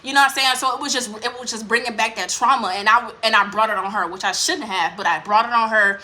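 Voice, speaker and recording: A woman's voice: a little high, fast, sharp tone. A woman vlogger telling a personal story in a candid, rambling way, with lots of swearing and fillers. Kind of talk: casual storytime monologue.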